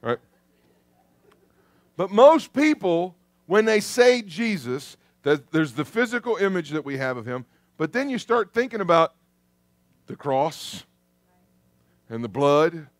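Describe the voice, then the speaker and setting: A man preaching a sermon in a church, lively and conversational, calling out to the congregation. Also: fairly high pitch, unhurried, pauses often, no room sound, clean studio sound. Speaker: pastor. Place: church sanctuary.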